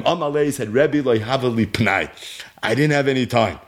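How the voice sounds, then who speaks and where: Animated male Talmud teacher. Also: medium pitch, moderate pace. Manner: reads Aramaic text aloud, then translates it into English; animated storytelling. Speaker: Torah teacher. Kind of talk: Talmud lecture.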